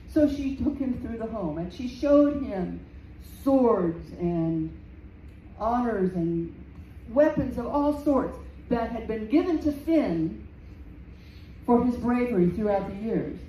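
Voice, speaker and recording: A woman storyteller telling a folktale live in a community center room, slow and dramatic, repeating phrases for effect. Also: a little high, lively intonation, highs cut off. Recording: roomy, distant, faint background noise.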